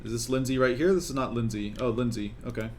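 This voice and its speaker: A man's voice: medium pitch, fast, slight background noise. Man coaxing his game characters. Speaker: gaming streamer. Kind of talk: live gameplay commentary.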